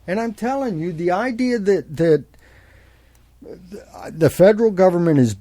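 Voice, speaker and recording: A man argues politics with real passion, hammering his points and repeating them. His voice sits somewhat high for a man. It is recorded close and dry, with no room sound. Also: expressive, normal speed, warm tone, no echo. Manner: passionate, emphatic, repeats himself. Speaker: guest. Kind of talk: heated political chat.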